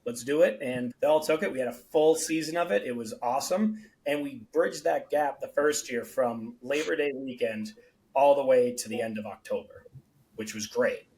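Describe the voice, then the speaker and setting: A man's voice: medium pitch, rough recording. A man, a beverage company founder, telling stories on a podcast and acting out the people in them. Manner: animated storyteller, acts out quoted dialogue. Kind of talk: casual podcast storytelling.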